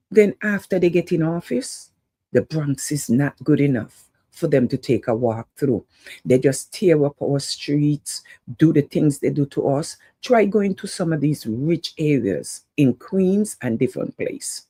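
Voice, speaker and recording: A woman's voice: low voice, lively intonation, measured pace, warm tone, breathy edge, no room sound. A woman hosting an online talk show, giving an urgent, preachy monologue to her viewers and calling out some of them by name. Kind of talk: impassioned political monologue to viewers.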